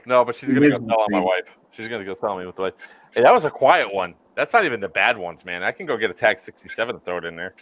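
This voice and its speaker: Lively rambling man on a stream. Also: fairly low pitch, fast talker. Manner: rambling, lots of fillers and restarts. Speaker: podcast co-host. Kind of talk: casual group chat on a stream.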